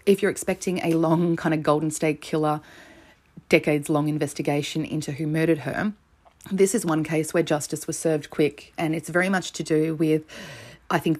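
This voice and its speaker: A woman with a notably low, deep voice tells a true crime case in an easygoing, conversational way. She tosses in profanity and blunt offhand remarks as she goes. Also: darkish tone, breathy edge. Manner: blunt and chatty, swears freely, offhand asides. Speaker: true crime podcast host. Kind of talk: casual true crime storytelling.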